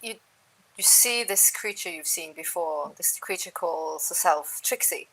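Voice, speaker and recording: A woman narrating a tabletop game as game master, sometimes dropping to a soft near-whisper. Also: fairly low pitch, measured pace, rough recording.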